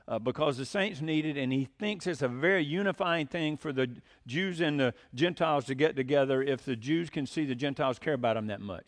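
A man preaching a sermon in a conversational way, with frequent fillers, rising to emphatic bursts when quoting scripture. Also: fairly high pitch. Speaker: pastor.

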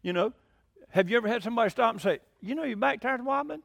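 A man's voice: very high-pitched, animated, quick pace, vocal fry, fairly bright tone, no room sound, studio quality. A man preaching a sermon, telling folksy stories and asking the congregation questions. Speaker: pastor.

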